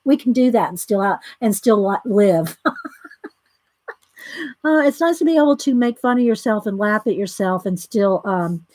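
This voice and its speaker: A woman's voice: medium pitch, expressive, moderate pace, darkish tone, dry recording. A woman with a Southern American accent hosting a casual live coloring tutorial. She chats with viewers, greets them by name and reads steps aloud between her own comments. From Southern United States. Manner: chatty, greets viewers by name, laughs easily. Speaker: coloring demonstration host.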